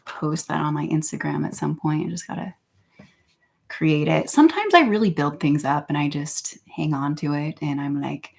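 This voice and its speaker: A woman's voice: sits low, expressive, normal speed, creaky, slight background noise. A woman vlogger talking in a casual, meandering way, giggling often between phrases. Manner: meandering, with many fillers and restarts. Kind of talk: casual rambling monologue.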